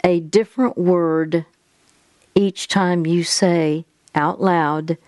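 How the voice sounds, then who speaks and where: A woman's voice: on the low side, steady tone, slow, a little mellow, no room sound. A woman hosting an advice talk, patiently guiding a caller step by step. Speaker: host giving faith-based advice.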